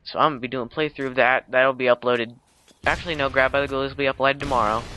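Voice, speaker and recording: The young man who uploaded this casual movie recap vlog rambles through the story with frequent fillers and self-corrections. His medium-pitched voice sounds pushed and bright. The dull lo-fi home recording carries a little hiss or hum.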